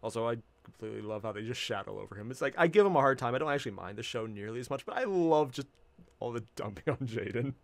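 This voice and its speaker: A man hosting a reaction video, chatting casually, excitable and laughing often as he swears freely. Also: mid-range voice, fast, dry recording.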